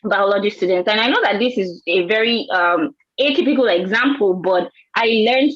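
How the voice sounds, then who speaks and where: A woman's voice: medium pitch, normal speed, no room sound, muffled recording. A woman from Nigeria with a Nigerian accent, telling an earnest personal story on a panel and often repeating words. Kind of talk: panel discussion.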